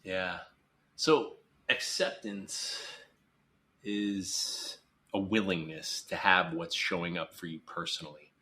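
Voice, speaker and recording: A psychologist guest in a podcast interview, talking earnestly and emphatically, sometimes acting out quoted voices. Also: male voice, low voice, steady tone, takes it slowly, sharp tone.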